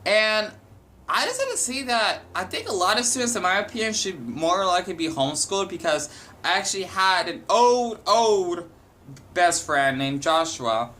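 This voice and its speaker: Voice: medium pitch, very animated, moderate pace, fairly bright tone, slight background noise. A young adult vlogger talking at home in a chatty, wandering, self-deprecating way. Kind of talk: casual rambling chat.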